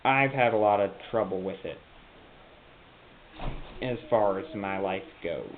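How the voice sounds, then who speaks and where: A young man vlogging in a rambling, halting monologue, slipping into a put-on Southern drawl. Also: fairly low pitch. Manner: meandering, self-interrupting, halting. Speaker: YouTube vlogger. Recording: phone-like lo-fi with faint hiss.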